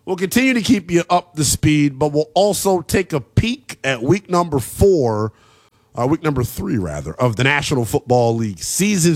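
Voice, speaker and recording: A man hosting a late-night college football radio show, talking in an animated, emphatic way with plenty of slang. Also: mid-range voice. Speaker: sports radio host.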